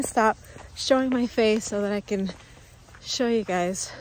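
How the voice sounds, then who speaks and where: A woman filming a travel vlog on her phone outside, a little out of breath and gushing over every sight she reaches. She talks at an unhurried pace, with street noise plainly audible behind her. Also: mid-range voice, darkish tone. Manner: gushing, exclaims often, laughs. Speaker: travel vlogger. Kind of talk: excited walking vlog. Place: outdoors in cold weather, on a street.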